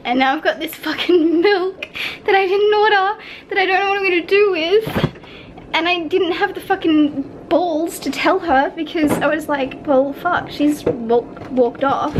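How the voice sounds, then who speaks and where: Woman, at-home vlogger, high voice, candid and rambling, swears a lot, faint room hum. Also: normal speed. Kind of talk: casual vlog chat to camera. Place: at home in an apartment.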